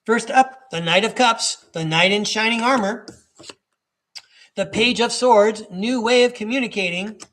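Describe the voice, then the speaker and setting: A man's voice: high-pitched, a little slow, a bit bright. Chatty, rambling man reading tarot live. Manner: rambling and chatty, with many fillers and asides; chuckles between thoughts. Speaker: tarot reader and podcast host.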